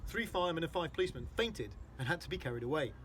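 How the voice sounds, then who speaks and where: A man's voice: a little high, lively intonation, rapid-fire, a bit bright, a little hiss or hum. A man reading a children's storybook aloud, explaining hard words for young listeners.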